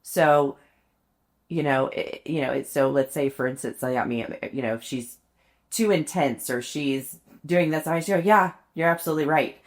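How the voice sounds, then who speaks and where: This podcast co-host speaks at a normal pace in a bass voice with a darkish tone. Chatty and quick to laugh, she tells stories that poke fun at herself.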